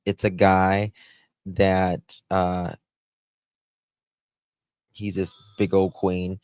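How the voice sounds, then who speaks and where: Man, live-stream host, very low voice, slow pace, exclamatory chatter. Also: monotone, a little mellow, clean tone, no room sound.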